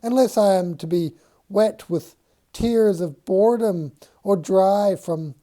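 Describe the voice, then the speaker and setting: A man reading a novel aloud, voicing a cheeky talking shoe in a high-pitched, playful voice. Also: takes it slowly, dark tone. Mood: chirpy.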